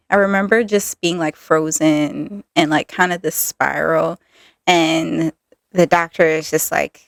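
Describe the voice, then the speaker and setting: A woman's voice: lowish voice, creaky, dry recording, clean studio sound. Candid woman host telling her story. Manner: candid, filler-heavy, animated retelling. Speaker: podcast host. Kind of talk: personal storytelling.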